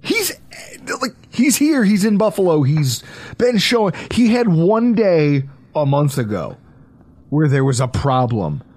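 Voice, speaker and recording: A man hosting a casual sports podcast, joking and talking in quick asides. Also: on the high side, sing-song, a little mellow, no echo. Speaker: podcast host.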